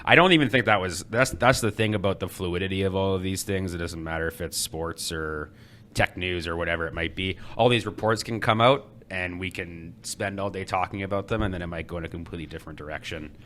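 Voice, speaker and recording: A man's voice: sits low, fairly quick, a bit bright, slight background noise. A man with a stuffy, nasal voice from a cold, co-hosting a podcast in easygoing, joking casual chat. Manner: easygoing, joking, self-deprecating. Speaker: podcast co-host.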